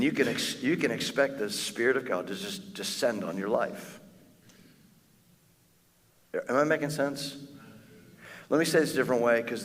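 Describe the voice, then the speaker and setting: A male pastor preaching a sermon in a conversational, animated way, acting out quick asides to the congregation. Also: medium pitch. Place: church auditorium. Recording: long church hall reverb.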